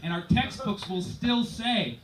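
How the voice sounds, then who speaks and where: A man's voice: high-pitched, lively intonation, unhurried, a crowd in the background. A male stand-up comedian telling jokes with sarcasm and chuckling through his punchlines. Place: comedy club stage. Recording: roomy, distant, noisy club recording.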